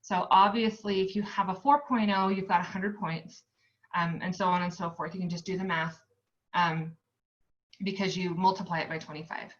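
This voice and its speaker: A woman's voice: on the low side, fairly even intonation, moderate pace. Chatty young woman tutoring, muffled audio. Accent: American. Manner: chatty, rambling with many ums, upbeat. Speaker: nursing student tutor. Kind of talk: casual recorded lecture.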